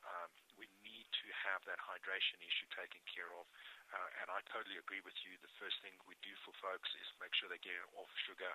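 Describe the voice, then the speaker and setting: Low husky guy, folksy and pumped up, casual podcast chat. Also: sharp tone, poor audio. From United States. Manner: enthusiastic, folksy, salesy reassurance. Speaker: health practitioner and product supplier.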